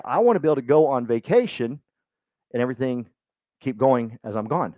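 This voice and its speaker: A man speaking to a live group at a business meeting, joking and acting out quick voices as he goes. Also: mid-range voice, lively intonation, dry recording, lo-fi sound. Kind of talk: motivational talk to a live group.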